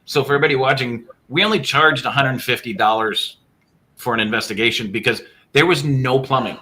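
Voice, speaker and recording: Bright-voiced man telling ghost stories. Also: medium pitch. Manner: storytelling, quick asides. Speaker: guest paranormal investigator. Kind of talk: casual podcast chat.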